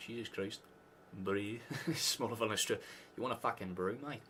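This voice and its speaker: A man's voice: on the low side, steady tone, moderate pace, few pauses, a bit bright, a little hiss or hum. A Scottish man hosting a live football watchalong, chatting casually with sarcastic asides and frequent swearing. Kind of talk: casual live match chat.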